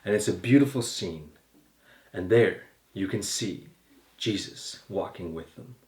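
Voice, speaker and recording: A man's voice: low voice, a little slow, darkish tone, roomy sound. A male pastor telling a sermon story in vivid, scene-painting detail, recorded in his home studio.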